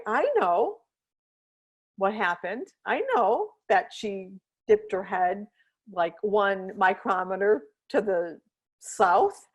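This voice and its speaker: A woman who trains dogs talks through her podcast in a relaxed, chatty way, with her voice sitting in an ordinary middle pitch. She explains things earnestly and step by step, and she keeps checking in with her listener as she goes. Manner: chatty, checks in often with "right?" and "you know what I mean?". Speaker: podcast host and dog trainer. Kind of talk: casual podcast talk.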